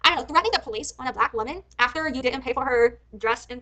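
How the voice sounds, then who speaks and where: A woman's voice: sits high, racing, hardly any pauses, pushed and bright, poor audio. A woman streamer giving heated reaction commentary, often swearing and ranting angrily. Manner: heated, swearing, angry rants.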